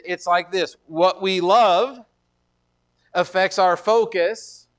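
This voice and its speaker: A man preaching a sermon as pastor, conversational with joking asides, slowing down to stress scripture. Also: sits high, fairly bright tone.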